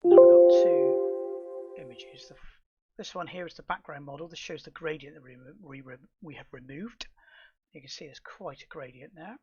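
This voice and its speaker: A middle-aged man calmly explaining software steps in a tutorial, with fillers and restarts. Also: a little high, normal speed, highs cut off, soft background music. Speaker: astrophotography tutor. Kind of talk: screen-recorded software tutorial.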